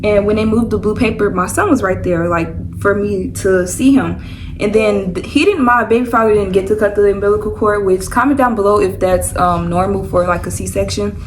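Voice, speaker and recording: Young woman, casual storytime vlog, rambling and chatty, mid-pitched voice, faint background hiss. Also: normal speed, low-quality recording. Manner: rambling, loose and chatty, full of "like" and "y'all". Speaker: vlogger.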